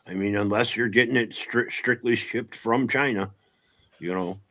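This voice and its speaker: Blunt, low-voiced man swearing in casual chat. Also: a little slow, fairly bright tone. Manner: blunt, sarcastic, swears freely.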